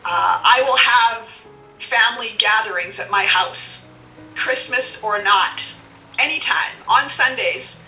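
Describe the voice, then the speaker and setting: A woman's voice: fairly high pitch, slow, sharp tone. A middle-aged woman telling her own story bluntly and with animation, swearing freely and laughing often. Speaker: podcast guest. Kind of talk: candid personal storytelling. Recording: echoey room, distant mic, faint music.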